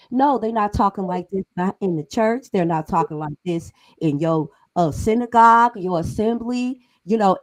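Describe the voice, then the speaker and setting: A middle-aged woman co-hosts a podcast discussion at a mid-range pitch. She talks in an emphatic, conversational way and laughs often. The recording is dry and close, with no room sound. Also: dry recording, poor audio. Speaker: podcast co-host.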